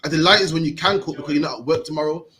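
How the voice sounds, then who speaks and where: A man's voice: on the high side, very fast, pushed and bright, rough recording. A man teaching scripture in slangy, emphatic street talk, ending his phrases with "man". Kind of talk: animated teaching with questions.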